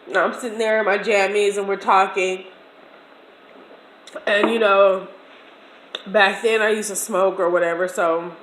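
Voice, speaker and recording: A woman in her forties telling a personal story in a chatty, slangy, expressive way during a casual meal video. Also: medium pitch, a little hiss or hum. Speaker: vlogger. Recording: echoey room.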